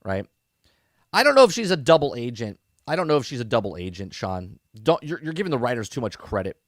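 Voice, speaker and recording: A man's voice: mid-range voice, sing-song, fast talker, no room sound, studio quality. A man hosting a podcast, giving a casual, rambling review of a TV episode with sarcastic asides. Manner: rambling, checks in with "okay?" and "right?".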